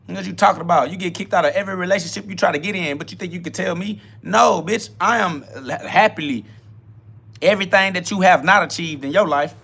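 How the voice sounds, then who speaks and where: A man hosts a self-talk podcast, firing off a profane, combative rant. His voice sits a touch high and rings bright and forceful. He taunts and jabs with blunt certainty. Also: brisk, creaky, breathy edge. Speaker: podcast host.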